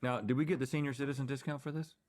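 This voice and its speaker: A man's voice: mid-range voice, steady tone, racing, a little mellow. A middle-aged man co-hosting a food-tasting show, joking in a hammy, theatrical way. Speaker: show co-host. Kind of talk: playful food-tasting banter.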